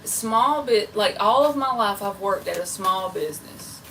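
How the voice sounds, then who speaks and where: A woman's voice: mid-range voice, expressive, a little slow, fairly bright tone, a little hiss or hum. Woman, tarot reader, chatty and rambling, livestream, distant mic. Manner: chatty, rambling, talks straight to viewers. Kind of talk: casual livestream chat.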